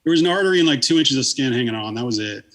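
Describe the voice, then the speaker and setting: A man's voice: medium pitch, animated, racing, crowd noise. A man in his thirties, a podcast guest, telling a long story in casual, rambling talk full of swearing and fillers.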